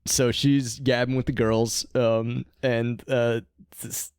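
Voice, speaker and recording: A man's voice: mid-range voice, flat delivery, slow, a little mellow, clear, resonant tone, no room sound, clean studio sound. A man co-hosting a podcast in casual chat, laid-back, swearing and laughing often. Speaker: podcast co-host.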